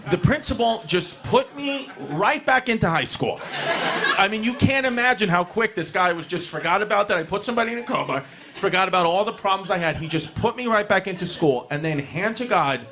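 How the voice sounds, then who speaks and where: A man with a high, bright voice tells rowdy, profane stories on a comedy club stage. He is loud and pushes the punchlines hard into a handheld mic. Heavy, constant club noise fills the recording. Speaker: stand-up comedian. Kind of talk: stand-up comedy set.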